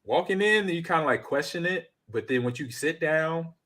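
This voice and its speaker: Bright-voiced man hosting a podcast. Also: a little high, normal speed. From United States. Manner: animated storyteller, reads chat comments aloud. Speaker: podcast host. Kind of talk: casual gaming podcast chat.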